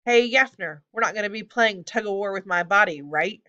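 A woman voicing a rude, whiny male hobgoblin in a storybook reading who yells his complaints. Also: medium pitch, brisk, highs cut off, close to an everyday voice. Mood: indignant. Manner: brash, yelling complaints.

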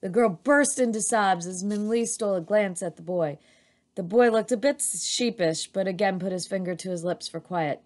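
A woman's voice: on the low side, normal speed. A woman reading a children's adventure chapter aloud as narrator, with an occasional restart.

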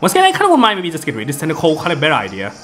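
Bright, lively rambling gameplay commentator. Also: male voice, fairly high pitch, rapid-fire. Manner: rambling with many fillers and restarts. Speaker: gaming video host. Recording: game music in the background.

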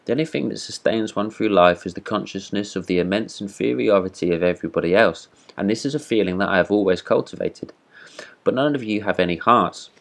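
A man's voice: lowish voice, a little fast, gravelly. A man voicing a pompous, vain talking firework rocket in a read-aloud storybook, haughty and indignant. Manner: haughty, self-important, indignant.

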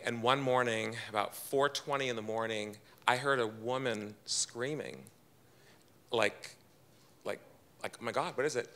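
A man's voice: medium pitch, pushed and bright. A man telling a personal story to a live audience in a chatty, self-deprecating way, acting out what others said. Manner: chatty, self-deprecating, quotes people in his own voice. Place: event room with audience.

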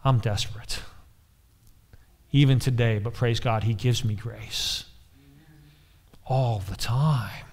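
A man's voice: mid-range voice, fairly even intonation, takes it slowly, long pauses, a little mellow. A man preaching a sermon as pastor, emphatic, repeating key phrases and putting questions to the congregation.

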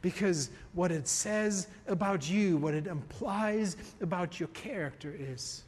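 A man preaching a sermon as pastor, emphatic, swinging from quiet to raised. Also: high voice, a little slow, few pauses, big-room sound. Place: church.

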